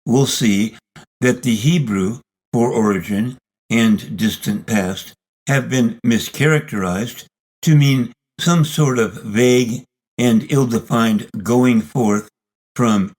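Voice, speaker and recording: A man reading a scripted lesson narration in a measured, deliberate, argumentative way. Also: on the low side, a little mellow, low-quality recording. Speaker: video series narrator.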